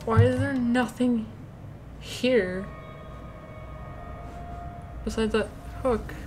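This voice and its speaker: A woman's voice: a little high, fairly even intonation, very slow, darkish tone, a little hiss or hum. Jumpy woman narrating a horror game. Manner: jumpy, nervous, talks back to the game. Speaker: let's play host. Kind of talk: horror gameplay commentary.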